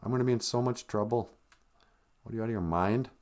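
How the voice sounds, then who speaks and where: A man voicing a bratty, indignant teenage girl babysitter with a whiny, rushed complaint. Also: lowish voice, darkish tone, natural voice.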